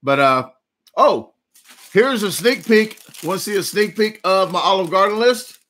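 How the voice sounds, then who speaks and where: Bright-voiced rambling Southern man. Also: high-pitched, expressive, a little slow. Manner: rambling, jokey storytelling. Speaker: livestream host. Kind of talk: casual live chat.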